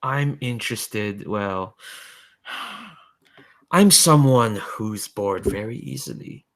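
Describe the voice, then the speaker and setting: Brief: man doing a jaded dimensional entity, smug and slow, low-pitched. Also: expressive. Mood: amused. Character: bored, mocking otherworldly being from another dimension.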